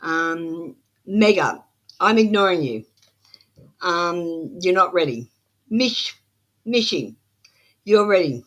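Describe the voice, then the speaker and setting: A woman hosting a live-stream tarot reading, talking in a flat, matter-of-fact tone and bluntly scolding viewers who ignore her instructions. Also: lowish voice, slow pace, pauses often.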